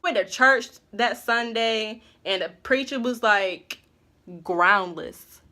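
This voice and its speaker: Bright, high-voiced young woman telling a story. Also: a little slow. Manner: chatty, filler-heavy storytelling, slangy and animated. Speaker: vlogger. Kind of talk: casual storytime.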